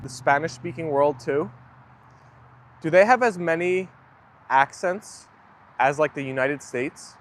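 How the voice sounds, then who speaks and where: A man livestreaming from his phone on a rainy outdoor walk with his dogs, chatting to viewers in a rambling, self-deprecating way. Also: on the high side. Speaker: dog owner livestreaming to viewers. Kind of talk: casual live chat.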